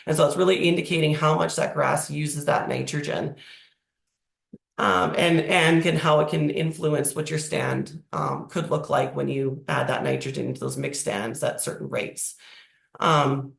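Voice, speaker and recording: Hoarse croaky presenter, cold-roughened voice, gravelly, explanatory webinar talk, echoey room. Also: medium pitch, steady tone, normal speed, a bit bright. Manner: explanatory, walking through slides. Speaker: agricultural presenter.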